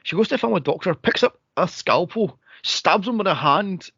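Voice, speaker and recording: Exasperated man, fairly high voice. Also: brisk, vocal fry, slightly rough, no room sound. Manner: exasperated, animated retelling with frequent exclamations. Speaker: podcast co-host. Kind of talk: casual movie recap chat. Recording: dull, lo-fi dry recording.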